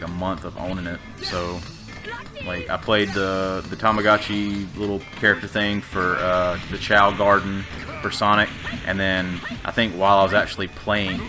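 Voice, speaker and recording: A man's voice: sits low, little pitch movement, normal speed, over music. A man rambling through casual gameplay commentary, profane and full of fillers. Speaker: let's play gamer.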